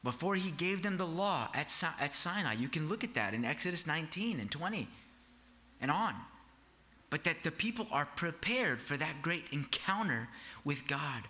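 A man's voice: on the high side, very animated, moderate pace, sharp tone. A man preaching a sermon in a conversational way, asking rhetorical questions and often checking in with "right?".

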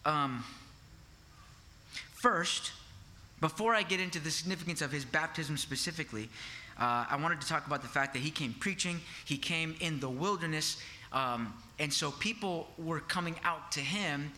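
A male preacher with a high, very bright voice delivers a sermon in a loose, chatty way. He keeps asking his listeners rhetorical questions and tags his points with "right?". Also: normal speed.

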